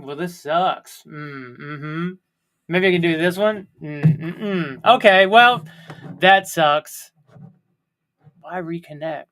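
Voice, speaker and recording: A man's voice: a little high, fairly bright tone. Rambling, self-mocking man on a livestream. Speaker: livestream host. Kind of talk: casual solo livestream chat.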